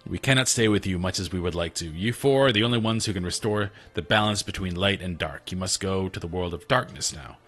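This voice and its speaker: A man reading the lines of kindly ghostly elder spirits in a retro game, solemn and measured. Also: low-pitched, a bit bright, soft background music.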